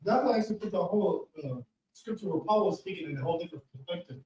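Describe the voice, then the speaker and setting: A man's voice: high-pitched, lively intonation, fast talker, warm tone, heavy reverb, recorded from a distance, slight background noise, poor audio. A man in a class discussion, thinking aloud in a rambling way.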